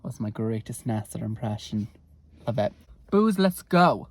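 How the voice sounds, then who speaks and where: A young man, telling stories in a casual vlog with a chatty, animated manner. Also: lowish voice, measured pace, echoey room. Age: young adult. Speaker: vlogger.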